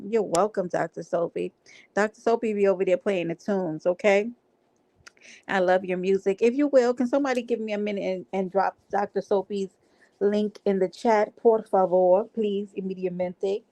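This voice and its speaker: A woman's voice: medium pitch, moderate pace, gravelly, mellow, no echo. A woman hosting a livestream, talking to her chat in a brash, playful way with plenty of profanity. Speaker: livestream host.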